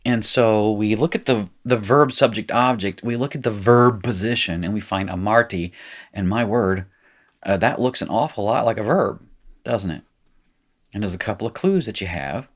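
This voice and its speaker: A man's voice: fairly low pitch, normal speed. A middle-aged man teaching a recorded lesson, chatty and explanatory, thinking aloud as he works.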